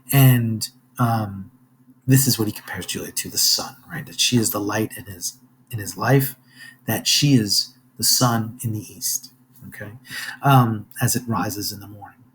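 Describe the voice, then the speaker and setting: A man's voice: on the low side, slight background noise. A man teaching a class by video, speaking casually with many fillers and reading quoted verse aloud with a lift in his voice. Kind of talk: lecture video retelling a play.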